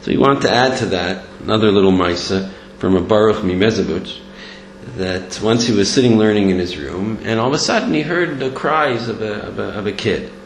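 A man's voice: on the low side, fairly quick. A man giving a Torah lesson, telling stories and acting out the voices in them. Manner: animated, acts out voices in stories. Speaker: Torah teacher. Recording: echoey room with faint hum.

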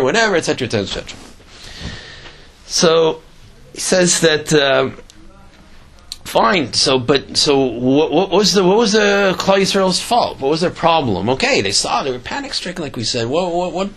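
A man with a somewhat high voice teaches a religious class through storytelling. He halts and restarts his sentences, repeating words as he looks for the next one, and he breaks into animated asides. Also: moderate pace. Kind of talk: storytelling Torah lesson.

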